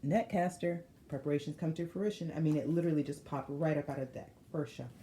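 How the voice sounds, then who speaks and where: Lady doing a tarot reading, slangy, laughs a lot, kinda low voice in an echoey room. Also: fast, a little hiss or hum. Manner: animated, laughs often, slangy and emphatic. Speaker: tarot reader. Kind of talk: casual tarot reading to viewers.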